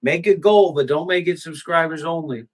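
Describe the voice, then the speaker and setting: Male livestream host, casual and profane, ranting at viewers; slightly high voice. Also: normal speed, slightly rough, poor audio. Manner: profane, ranting, talks back to chat.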